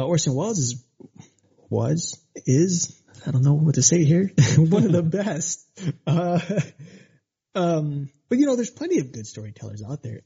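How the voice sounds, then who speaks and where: A man's voice: on the high side, slightly rough. A man co-hosting a paranormal radio show, talking casually and rambling with lots of fillers. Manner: rambling, animated, many fillers. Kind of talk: casual podcast chat. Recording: dull lo-fi sound.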